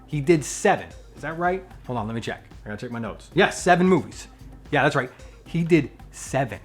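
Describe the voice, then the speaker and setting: A man's voice: mid-range voice, a little fast, slightly rough, faint music behind. Playful, opinionated man vlogging casually. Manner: playful, animated, jokingly opinionated. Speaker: vlogger and channel host. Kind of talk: casual chatty vlog.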